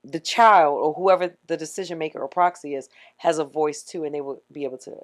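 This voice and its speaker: A woman's voice: deep voice, fairly quick. A middle-aged woman with a Washington DC accent, co-hosting a podcast in casual chat, telling stories animatedly and acting out what others said. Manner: animated storyteller, acts out quotes. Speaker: podcast co-host.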